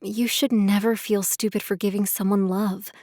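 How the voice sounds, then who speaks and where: A woman's voice: mid-range voice, little pitch movement, moderate pace, warm tone, no echo, studio quality, lightly acted. A woman voicing a gracious, soothing friend in an audiobook, with a reassuring way of talking. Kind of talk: audiobook character voice.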